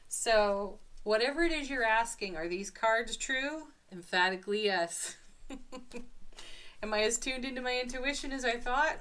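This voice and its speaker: A woman doing a spiritual tarot reading to camera, gentle and enthusiastic, with soft laughs between cards. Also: medium pitch, slight background noise. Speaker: tarot card reader.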